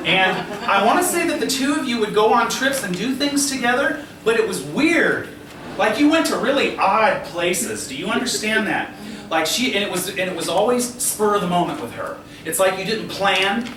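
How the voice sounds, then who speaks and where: A man's voice: high-pitched, animated, moderate pace. A man working as a psychic medium, giving a live demonstration to a seated audience in a restaurant and constantly checking in with the listener, laughing lightly as he goes. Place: restaurant dining room before a seated audience. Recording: roomy, distant camera audio with background noise.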